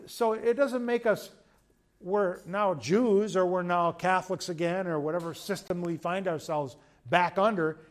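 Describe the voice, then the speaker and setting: A man, a pastor telling a story in a conversational sermon, moving between loud emphasis and quiet asides. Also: high-pitched, fairly even intonation, measured pace. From United States.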